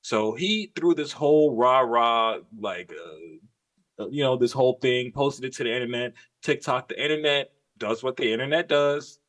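A man's voice: mid-range voice, moderate pace, a bit bright. Guy on a podcast, swearing a lot, telling a story, casual and emphatic. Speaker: podcast co-host.

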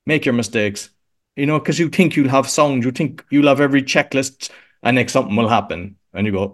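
An Irish man talks through a relaxed interview from his home podcast room, rambling along with many restarts and little fillers. His voice sits at an ordinary middle pitch for a man. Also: brisk. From Ireland. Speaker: podcast coach, guest. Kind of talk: casual interview chat.

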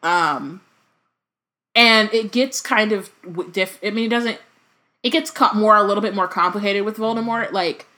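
A woman's voice: mid-range voice, normal speed, pushed and bright. A woman co-hosting a podcast, chatting casually about a book, swearing freely and reading passages aloud. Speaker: podcast co-host.

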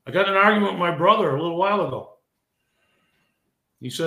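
In an echoey room, a middle-aged man who's a veteran wrestler gives a podcast interview in a high, bright, forceful voice with lively intonation. He talks a little fast but with long pauses, heated and emotional, often repeating himself and starting over.

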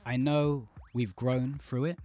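A man's voice: medium pitch, fairly even intonation, slow pace, mellow, soft background music. A man hosting a podcast, talking in a casual, joking way. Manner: joking, teasing. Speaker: podcast host. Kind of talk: casual chat. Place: remote call.

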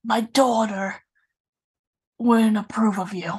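A gruff, threatening male mobster, as a woman puts him on for a laugh with a badly faked Italian New York accent. The accent is overdone and never quite lands. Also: fairly high pitch, steady tone, slow, heavily acted. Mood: menacing. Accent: bad imitation of an Italian New York mobster.

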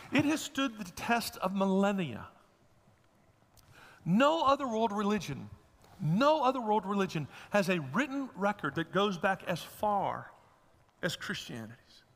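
High, bright-voiced pastor preaching. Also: male voice, in a large hall. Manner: folksy storytelling with humor. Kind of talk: sermon.

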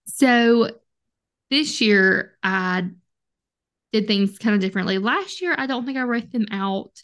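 A woman's voice: medium pitch, lively intonation, a little slow, a bit bright. A woman co-hosting a podcast in casual chat, easygoing and agreeable, laughing often. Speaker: podcast co-host.

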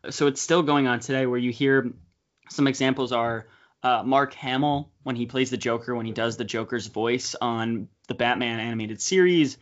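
A young man hosting a casual movie podcast, talking fast with quick asides. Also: mid-range voice. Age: young adult. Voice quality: chatty, quick asides, frequent laughs. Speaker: podcast host. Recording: slightly dull podcast audio.

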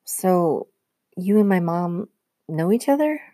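A woman's voice: lowish voice, expressive, slow, mellow, no room sound, clean studio sound. A woman voicing a bewildered twelve-year-old boy who fires off incredulous questions.

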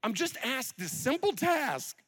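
A man's voice: on the high side, huge pitch swings, fairly quick, fairly bright tone, full character voice. A man preaching, acting out a frustrated, impulsive adult male disciple who scolds himself. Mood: exasperated. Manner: agitated and self-scolding. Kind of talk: sermon storytelling.

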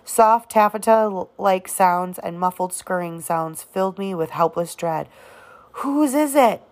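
A woman narrating an audiobook of a novel, reading in a halting way with occasional restarts on words. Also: fairly low pitch, little pitch movement. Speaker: audiobook reader.

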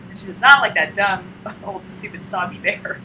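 A woman's voice: medium pitch, normal speed, pushed and bright, rough recording. A young woman recounts a comic she loves in loose, chatty talk. She laughs often and slips into silly voices for the quotes. Some background noise hums under her voice. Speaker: podcast co-host. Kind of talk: casual chat retelling a comic.

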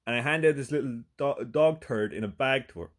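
A man's voice: mid-range voice, a little fast. A man with an Irish accent, hosting a podcast and telling a profane comic story in a chatty way, full of "right?" asides and sudden bursts of emphasis. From Ireland. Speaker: podcast host.

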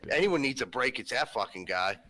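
A man from Pittsburgh with a strong Pittsburgh accent, co-hosting a podcast in animated, profane rants. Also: mid-range voice, moderate pace, low-quality recording. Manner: animated, ranting, laughs often. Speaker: podcast co-host. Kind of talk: casual profane banter.

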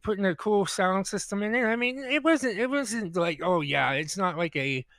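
A man co-hosting a casual comedy podcast, talking in halting, restarting phrases with lots of "you know". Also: high-pitched, animated, a bit bright, no room sound. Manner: halting, repeats words and says "you know" often. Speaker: podcast co-host. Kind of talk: casual group banter.

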